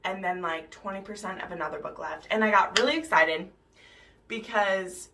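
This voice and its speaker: A woman's voice: mid-range voice, moderate pace, gravelly, background noise. A woman vlogger in casual book chat, talking in a loose, chatty way full of "like" and "um". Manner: chatty, lots of "like" and "um", acts out characters' lines. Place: home bathroom, camera hung on shower curtain.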